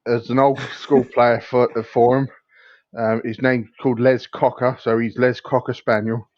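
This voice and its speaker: Man, slow and laid-back, on a dry, dull lo-fi mic, podcast banter. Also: medium pitch, level tone, no echo. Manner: laid-back, hesitant with ums, chuckles at own jokes. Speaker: podcast co-host.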